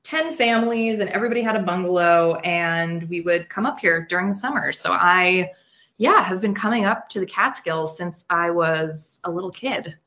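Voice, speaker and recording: A woman's voice: lowish voice, moderate pace, sharp tone. A woman from New York, a guest on an interview, telling a story in a chatty way full of fillers and little laughs. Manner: chatty, lots of fillers, laughs into her lines. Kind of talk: casual anecdote telling.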